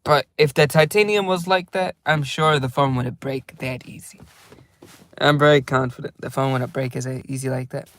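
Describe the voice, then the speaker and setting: A man's voice: mid-range voice, fairly even intonation, normal speed, a bit bright. A young man chatting casually in a loose, rambling vlog from inside his car, laughing often. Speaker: vlogger.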